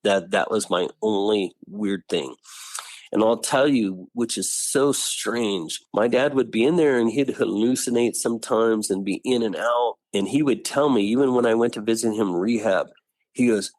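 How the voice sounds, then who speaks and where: A middle-aged man telling his own family story in an interview, animated, often acting out what people said. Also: on the low side, normal speed, no room sound. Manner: animated, acts out family members' lines.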